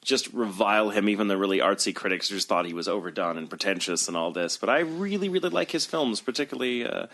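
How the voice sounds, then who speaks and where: Male podcast co-host, lowish voice, reflective, halting casual chat. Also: animated, a bit bright. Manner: thoughtful, many restarts and fillers.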